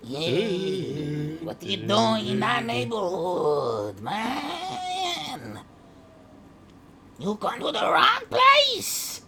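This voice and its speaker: A man's voice: high voice, huge pitch swings, drawn-out words, a loud crowd, voice pushed up, exaggerated voice. Guy doing a threatening street thug, voice swinging all over, really drawn out. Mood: menacing. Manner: threatening, yelling. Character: hostile young male street tough guarding his turf.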